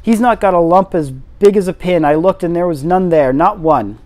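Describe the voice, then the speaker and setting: A man's voice: high-pitched, expressive, brisk, mellow, no echo. A man voicing a stubborn, fierce young girl who protests obstinately. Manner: obstinate, breathless.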